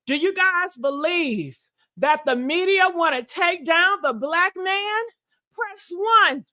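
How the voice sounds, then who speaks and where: A woman's voice: very high-pitched, animated, slow, sharp tone. Sassy, profane woman gossip host. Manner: sassy, brash and profane, calls viewers honey and baby. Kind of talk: casual gossip livestream commentary.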